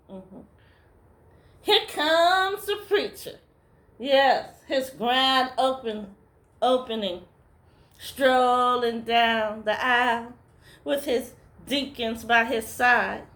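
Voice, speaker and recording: A middle-aged woman spinning a funny story in a slow, unhurried drawl. Her voice sits fairly high, and she keeps answering her own lines with a soft "yes" or "mm-hmm.". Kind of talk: comic storytelling monologue.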